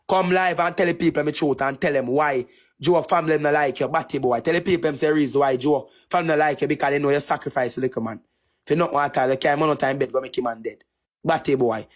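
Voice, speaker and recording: On a TikTok live stream, a man with a Jamaican Patois accent delivers a repetitive, taunting insult rant. His voice is a little high and his pace quick.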